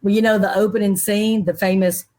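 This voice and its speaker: A middle-aged woman, a guest in an interview, telling a personal story in a lively way and acting out other people's voices. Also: medium pitch, a little fast. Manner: animated, acts out quoted people's voices.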